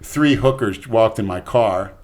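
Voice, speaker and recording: An older man on a podcast telling a rambling, crude story in casual talk, swinging between hushed and loud. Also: fairly low pitch, a little slow. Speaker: podcast regular.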